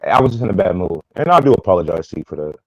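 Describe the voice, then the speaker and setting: A man's voice: low voice, sing-song, rapid-fire, a little mellow, no room sound, lo-fi sound. A man on a livestream panel, apologizing in a laid-back way. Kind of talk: casual chat.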